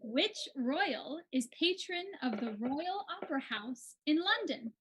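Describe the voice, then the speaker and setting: A woman's voice: high voice, very animated, slow, fairly bright tone, a little hiss or hum, poor audio. An American woman co-hosting an online quiz with an upbeat, enthusiastic manner. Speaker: quiz co-host.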